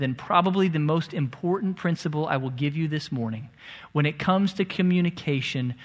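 A man's voice: on the high side, fairly bright tone. A married man preaching a sermon in church, emphatic, sometimes dropping to a near-whisper on key phrases. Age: adult, married. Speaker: pastor. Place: church sanctuary.

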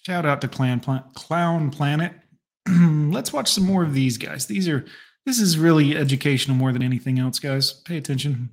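Male reaction host, mocking and crude, slightly high voice. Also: normal speed, pauses often. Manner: sarcastic, mocking asides. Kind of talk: casual profane reaction commentary.

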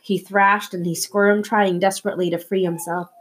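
A woman reading a novel aloud chapter by chapter, in steady, measured narration. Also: medium pitch, a little hiss or hum. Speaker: audiobook reader.

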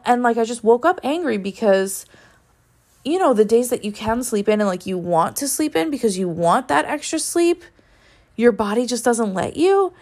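A young woman hosting a solo podcast, talking candidly and ranting with lots of swearing and filler words. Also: mid-range voice. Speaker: podcast host. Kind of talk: casual solo podcast monologue.

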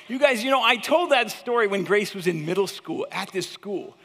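A man in his fifties, a teacher giving a chapel talk, who tells stories in an animated, chatty way and keeps calling the listeners "you guys". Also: sits high, brisk, hardly any pauses. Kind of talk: storytelling sermon. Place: large hall with an audience. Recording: long hall reverb.

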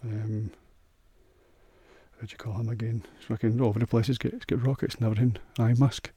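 Husky, rambling Scottish man. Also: medium pitch, flat delivery, fairly quick, dark tone, no echo, highs cut off. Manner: rambling, crude, sweary. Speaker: podcast host. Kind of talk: solo podcast monologue.

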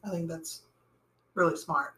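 A woman interviewer asking gentle, affirming questions. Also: sits low, unhurried. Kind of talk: interview conversation. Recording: echoey room.

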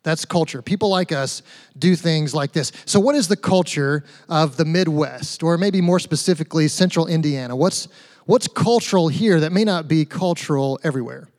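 Higher-voiced man preaching in a big echoey hall. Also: moderate pace, darkish tone. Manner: chatty, asks the audience rhetorical questions, light humor. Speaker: pastor. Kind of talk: conversational sermon. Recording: long reverb of a large hall.

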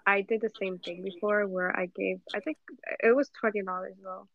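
A young woman guest in casual chat, relaxed and quick to agree. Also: mid-range voice, no room sound, muffled recording. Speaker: podcast guest.

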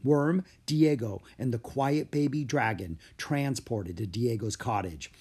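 A man narrating a children's story in an animated storybook way. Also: medium pitch, unhurried, slightly rough.

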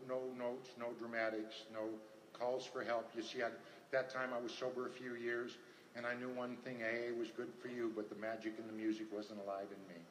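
A man's voice: medium pitch, slight background noise. An older man giving earnest personal testimony at a recovery meeting, telling stories and repeating his phrases. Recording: echoey hall, faint ambience.

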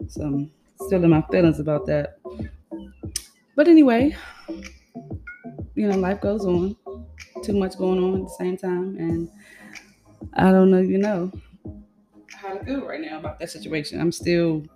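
Woman, podcast host, solo venting, exasperated, swears a lot, rambling, lowish voice, background music. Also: steady tone, normal speed, dark tone. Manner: frank, exasperated, swears freely, loose run-on storytelling.

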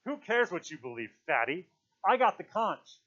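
A man's voice: sits high, big pitch swings, normal speed, pushed and bright, pitched above the performer's own voice, exaggerated voice. A scornful, angry teenage boy, as a man reads him. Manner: scornful, taunting. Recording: dull lo-fi recording.

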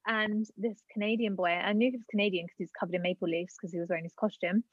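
A woman's voice: mid-range voice, fairly even intonation, fast, breathy edge. A young woman from Britain, a podcast guest telling a story in casual chat, full of "like" and "um". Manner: chatty, filler-heavy with many "like" and "um". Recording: dull lo-fi dry sound.

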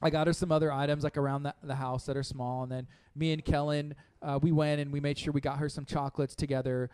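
A man's voice: on the high side, little pitch movement, fast, darkish tone, smooth, no room sound. A man in his thirties co-hosting a morning radio show, chatting casually and rambling with frequent laughs.

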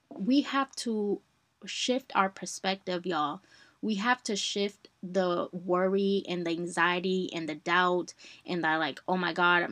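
A young woman chats through a personal story on her podcast, animated and warm toward her listeners. Her voice sits a little low. The recording is dry and close, with no room sound. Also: dry recording. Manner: chatty, addresses listeners as y'all, animated retellings. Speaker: podcast host.

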